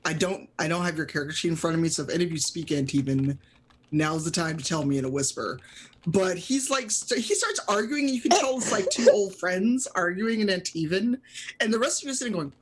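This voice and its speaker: A woman's voice: lowish voice, lively intonation, fairly quick, slight background noise. A woman narrating as game master of a tabletop game, chatty and full of fillers.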